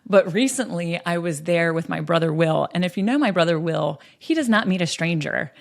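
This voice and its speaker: A woman's voice: fairly low pitch, moderate pace, creaky. A woman from western North Carolina, talking as a podcast host in an earnest, storytelling manner with frequent ums. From western North Carolina, USA. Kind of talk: earnest conversational monologue.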